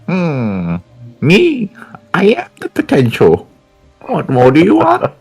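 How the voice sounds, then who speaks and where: A woman's voice: low voice, wildly swooping pitch, slow, vocal fry, darkish tone, slightly rough, soft background music. A woman playing a gnome character in a tabletop game, playful and haggling, laughing often. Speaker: player. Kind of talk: in-character tabletop role-play.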